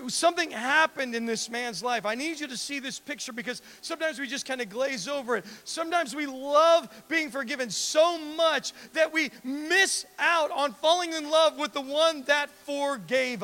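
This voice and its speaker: A man with a very high, bright voice preaches to his congregation. He acts out little scenes and keeps putting direct questions to the listeners. Faint music plays under his sermon. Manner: animated preaching with acted-out dialogue, repeated direct questions to the congregation. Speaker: pastor.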